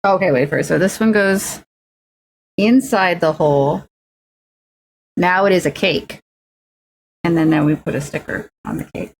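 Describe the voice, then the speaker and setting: A woman's voice: lowish voice, measured pace, pauses often, a little hiss or hum. A young woman streaming as she builds miniatures, chatting playfully and making silly sing-song noises. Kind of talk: casual chat while crafting miniatures.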